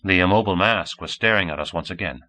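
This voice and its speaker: A man reading a translated novel aloud as an audiobook narrator, measured and expressive. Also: deep voice. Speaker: audiobook reader. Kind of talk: scripted narration. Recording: 1984 cassette audiobook.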